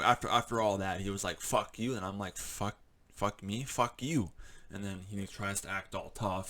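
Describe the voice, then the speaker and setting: A man delivers a heated, profanity-laden vlog rant in a fairly low voice. He rambles and stacks up fillers, still agitated and shaken. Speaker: vlogger. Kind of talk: angry ranting monologue.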